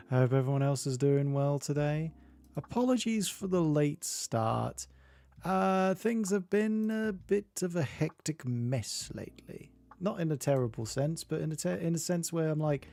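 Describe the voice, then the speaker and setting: A man's voice: on the high side, animated, measured pace, gravelly, warm tone, no room sound. A man chatting casually with viewers at the start of a live stream, greeting them by name and rambling a little. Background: faint game music.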